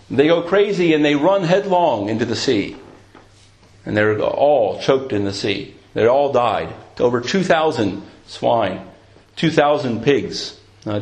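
A man preaching a sermon, retelling a scripture story in a storytelling manner and lifting his voice at dramatic moments. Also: fairly high pitch. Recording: roomy echo.

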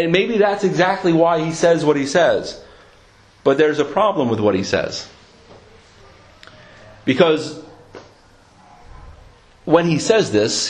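A man preaching a sermon, earnest and questioning, restarting his sentences often. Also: fairly high pitch. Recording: echoey room.

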